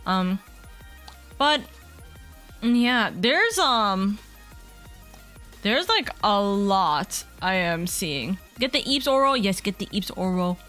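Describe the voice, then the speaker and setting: A woman streaming from home as a VTuber, chatting casually in a rambling, excitable way and swearing freely. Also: medium pitch, slow, long pauses, soft background music. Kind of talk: casual livestream chat.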